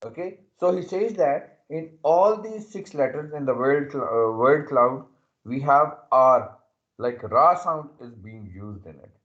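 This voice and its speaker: A man teaching an English lesson, explaining slowly and repeating himself, often checking in with "okay". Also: mid-range voice, lively intonation, fairly bright tone, dull audio. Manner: repetitive, checks understanding with "okay". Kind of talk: slow classroom explanation.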